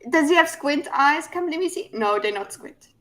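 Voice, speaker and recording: A woman's voice: high voice, lively intonation, moderate pace, a bit bright. A woman from South Africa with a South African accent, chatting casually and cooing over cute things. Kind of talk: casual chat.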